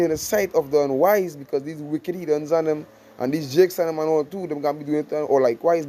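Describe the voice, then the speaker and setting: A man giving an informal scripture study sermon, reading verses slowly, then explaining in loose, repeated phrases. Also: fairly high pitch, mellow, slight background noise, rough recording. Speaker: scripture teacher.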